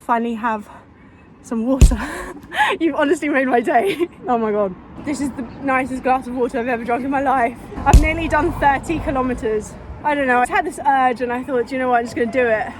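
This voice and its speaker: Against a noisy background, a woman jogs along a street and vlogs into a handheld phone at a moderate pace, her voice pitched high. The fitness vlogger is short of breath with a dry mouth, and her casual talk wanders earnestly, restarting often.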